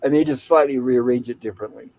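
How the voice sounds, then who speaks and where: Dark-voiced man retelling a TV episode. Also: medium pitch, quick pace, dry recording, rough recording. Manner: retells scenes at length, quoting lines in plain voice. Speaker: podcast co-host recapping episodes.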